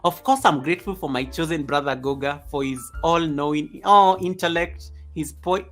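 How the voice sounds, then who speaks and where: Male live stream host, chatty and animated, reads viewer comments aloud, chuckles often, desk mic at home. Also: high-pitched, moderate pace, few pauses, faint music behind. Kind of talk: casual live stream chat. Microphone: USB desk microphone.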